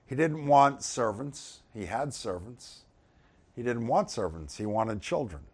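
A man teaching from the Bible in a relaxed, conversational way, at a mid-range pitch. He stays easygoing between the verses and grows emphatic whenever he reads Scripture aloud. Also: measured pace, husky.

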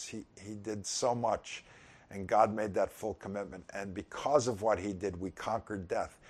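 A middle-aged man giving an informal sermon, conversational with chuckling asides. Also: lowish voice. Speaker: pastor.

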